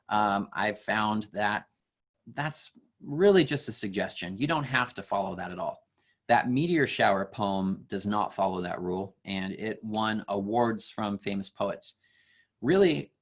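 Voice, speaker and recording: A young man teaching an online class for kids, explaining slowly and patiently with fillers. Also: medium pitch, a bit bright.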